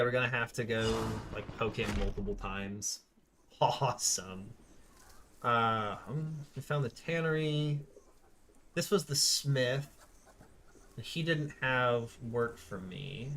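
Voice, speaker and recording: A man from California giving excitable, casual commentary while playing a game. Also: mid-range voice. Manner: excitable, swears, chuckles often. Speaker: gaming streamer.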